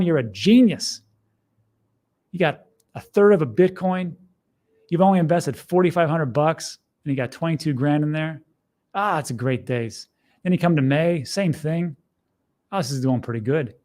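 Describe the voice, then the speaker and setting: A middle-aged man hosting a casual screen-share commentary, talking in a conversational, animated way with sardonic asides. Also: fairly high pitch. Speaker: host.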